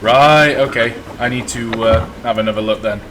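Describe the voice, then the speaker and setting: A man's voice: mid-range voice, moderate pace, a bit bright. A Welsh man hosting a live stream, chatting casually in a joking, self-mocking way and often restarting his sentences. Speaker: livestream host. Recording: clear background noise.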